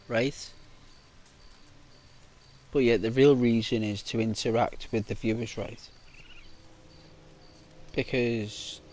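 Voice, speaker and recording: A man's voice: medium pitch, a little hiss or hum. A man with a Liverpool accent, a YouTuber chatting casually and rambling to viewers while he plays a game. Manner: rambling, chatty, keeps tagging on "right?" and "you know". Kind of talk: casual gaming livestream chat.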